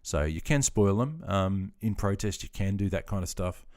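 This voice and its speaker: An easygoing Australian man in his fifties, hosting a casual livestream. His voice sits on the lower side. He chats loosely with his viewers, calls them mate and pokes fun at himself. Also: expressive, normal speed, a little mellow. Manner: laid-back and chatty, calls viewers mate, self-deprecating. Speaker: livestream host. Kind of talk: casual livestream chat answering viewer comments.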